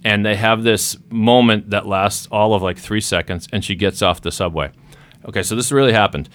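A man hosting a podcast, telling a story in a casual, animated way and acting out the scenes. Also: fairly low pitch, normal speed. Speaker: podcast host.

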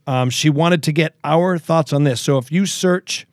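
A man with a slightly high voice hosts a podcast, chatting casually and reading listener posts aloud with a joking edge. The sound is dry and close, with no room around it. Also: measured pace, no echo. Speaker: podcast host.

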